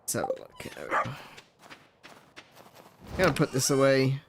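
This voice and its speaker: A man's voice: mid-range voice, big pitch swings, normal speed, vocal fry, background noise. Chuckling young man streaming gameplay. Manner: joking, chuckly, thinks aloud while playing. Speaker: streamer playing a farming game with a guest. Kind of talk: casual gameplay chat.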